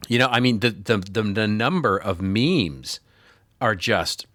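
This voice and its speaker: Bright, crisp-voiced male podcast host. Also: on the low side, lively intonation, unhurried, no echo, studio quality. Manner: chatty, lots of restarts and fillers. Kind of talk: casual chat.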